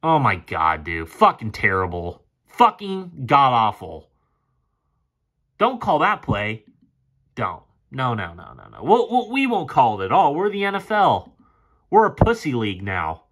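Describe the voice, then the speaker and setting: A man's voice: medium pitch, huge pitch swings, measured pace, fairly bright tone. A man casually breaking down football game film, frustrated and sarcastic and swearing often. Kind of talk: casual play-by-play film commentary.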